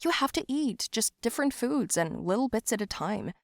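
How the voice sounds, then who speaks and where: A woman's voice: fairly high pitch, big pitch swings, normal speed, no room sound, studio quality. A woman voicing a firm, bossy young male friend who gives orders. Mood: instructive. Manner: firm, instructive.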